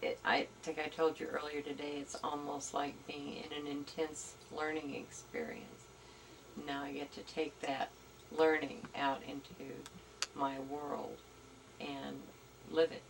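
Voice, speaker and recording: A woman guest on an interview show with a notably low-pitched voice. She speaks thoughtfully and a little haltingly, often pausing to find the right words. A faint hiss of noise sits beneath her. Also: monotone, gravelly. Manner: thoughtful, hesitant, searching for words. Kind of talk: casual conversational interview.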